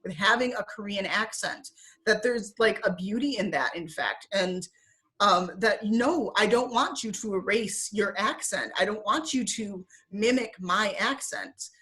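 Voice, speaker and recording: A woman, a former teacher, talking as an interview guest in a casual, animated way, full of "like" and quick laughs. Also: mid-range voice. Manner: animated, filler-heavy with frequent "like" and quick laughs. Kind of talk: casual conversational storytelling. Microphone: video call.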